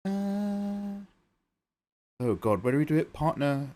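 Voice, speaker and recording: A man's voice: a little high, sing-song, slow, darkish tone. A man livestreaming his digital drawing, rambling and joking as he talks to his chat. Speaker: art livestreamer.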